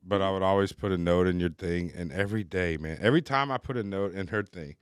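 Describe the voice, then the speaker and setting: Speaking fast and smoothly in a low register, a man hosts a casual recovery podcast and shares his personal story openly and chattily. The recording is clean studio audio with no room sound.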